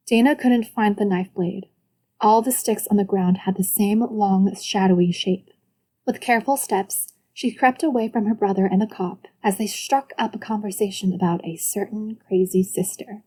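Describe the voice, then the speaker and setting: A woman giving scripted audiobook narration in a steady, even storytelling manner. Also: mid-range voice, normal speed.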